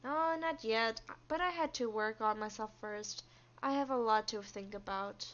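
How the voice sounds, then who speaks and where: Woman doing a flat, weary young coworker. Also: fairly high pitch, measured pace, muffled recording. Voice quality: flat monotone.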